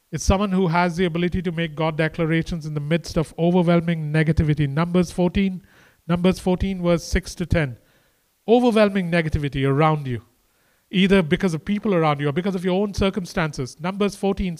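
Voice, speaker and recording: A man preaching a conversational sermon, swinging between quiet and emphatic delivery and speaking to the crowd as "guys" and "man". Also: sits high, fairly quick. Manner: addresses listeners casually as "guys" and "man".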